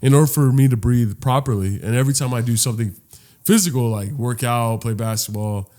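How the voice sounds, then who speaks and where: A man's voice: mid-range voice, a little fast. Man telling stories on a comedy podcast. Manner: animated storyteller who acts out quotes and laughs often. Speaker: podcast co-host. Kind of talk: casual comedic chat.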